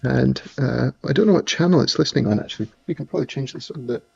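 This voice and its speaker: A man with a mild Scottish accent talks in a loose, rambling way, often restarting his sentences. His voice is husky and gravelly. The recording sounds dull and slightly muffled. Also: medium pitch, fast, a little mellow. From Scotland. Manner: chatty, rambling, frequent restarts. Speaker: livestream host. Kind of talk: casual chat while working.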